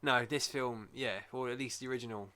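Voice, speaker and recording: A man's voice: mid-range voice, steady tone, brisk, pushed and bright, clear, resonant tone. A man with a sore throat, rambling and joking as a podcast co-host in casual chat. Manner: jokey, rambling, breaks into silly voices.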